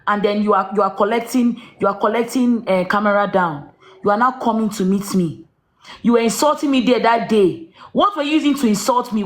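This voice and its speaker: A woman ranting on a livestream, shouting accusations and rhetorical questions at someone. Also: on the high side, roomy sound. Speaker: social media livestreamer. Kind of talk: angry live-stream rant.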